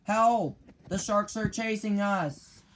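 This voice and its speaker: Man doing a greedy pirate captain, booming threats, high and loud, storybook reading. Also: takes it slowly. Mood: shouting.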